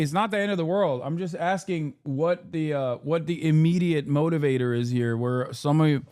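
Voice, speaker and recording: A man hosting a live stream, pitched a little high for a guy, talking back to his chat with sarcasm and plenty of profanity. He swings from heated rebuttals to joking asides in a casual reaction style. The sound is close and dry, with almost no room echo. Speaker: livestream host.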